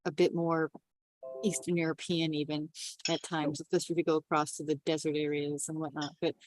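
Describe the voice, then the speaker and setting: A woman's voice: sits low, little pitch movement, a little fast, darkish tone, slight background noise, rough recording. A woman musing thoughtfully in a casual group discussion, restarting phrases as she thinks. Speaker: table read participant.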